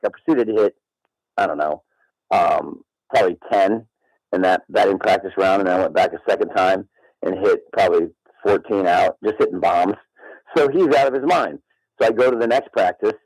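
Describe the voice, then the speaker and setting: Low-voiced boastful man in his sixties. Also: dry recording, poor audio. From Midland, Michigan. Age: 60s. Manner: boastful, animated storyteller acting out dialogue. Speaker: radio show guest. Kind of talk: casual storytelling chat.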